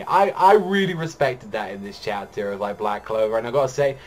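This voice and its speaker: A man's voice: lowish voice, animated, fairly quick, faint music behind. A young man reviewing manga in a casual chat, rambling with heavy filler words and frequent swearing.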